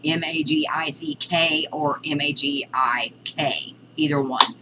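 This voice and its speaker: A woman's voice: deep voice, fairly even intonation, unhurried, heavy background noise. A woman giving a casual spoken lesson on witchcraft, hesitant, with many ums and restarts. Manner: chatty, breaks off to scold her cat. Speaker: witchcraft teacher.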